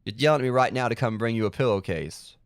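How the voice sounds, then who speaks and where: A man voicing a middle-aged dad writing a fond letter to his son, in a slow, folksy, cartoonish sitcom-dad manner. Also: medium pitch, clean tone, no echo, clean studio sound, lightly acted. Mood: fond, fatherly.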